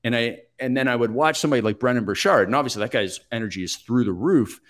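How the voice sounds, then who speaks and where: A man in his forties, a podcast guest telling stories from his life in a reflective, steady, plain-spoken way. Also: medium pitch, fast talker. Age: 40s. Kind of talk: conversational interview storytelling.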